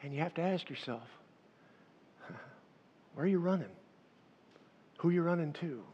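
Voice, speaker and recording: A man in his fifties, a pastor, delivers a sermon at normal speed in a higher-leaning voice, spinning animated stories and speaking directly to those gathered. The audio carries slight hiss or hum and sounds echoey, dull and lo-fi.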